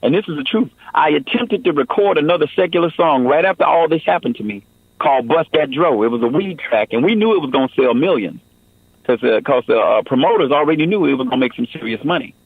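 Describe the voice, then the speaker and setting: A man's voice: on the high side, animated, fast, husky, dry recording, phone-quality sound. A man giving an earnest personal testimony in a radio interview, often saying "man" and "you know".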